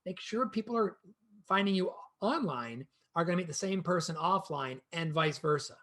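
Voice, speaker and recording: A man presenting a real estate training session in an energetic, conversational way, speaking to a co-host and the viewers. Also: sits high, moderate pace.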